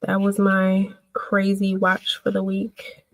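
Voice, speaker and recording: A woman hosting a casual livestream, chatting with viewers and answering their comments in an emotional, animated way. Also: medium pitch, slow, no room sound, poor audio. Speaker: livestream host.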